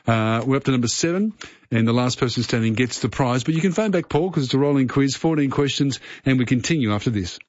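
Animated and fast, an Australian man with a darkish, mid-range voice hosts a phone-in quiz on talkback radio. He chats casually, friendly and rambling, with plenty of fillers and restarts. The recording is a slightly muffled radio broadcast with no echo.

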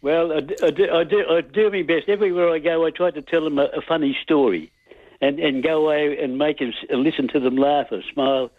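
A man's voice: a little high, fairly even intonation, a little fast, no room sound. A man calling a radio show, cheerful but hesitant, stumbling over his words. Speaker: caller. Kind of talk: phone-in chat and joke telling. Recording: tinny phone line.

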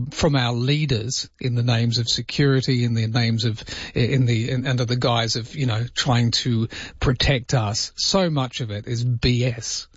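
A man's voice: medium pitch, husky, dry recording. An Australian man hosting talkback radio, talking conversationally and reflectively with a light humorous edge. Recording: dull dry radio broadcast sound.

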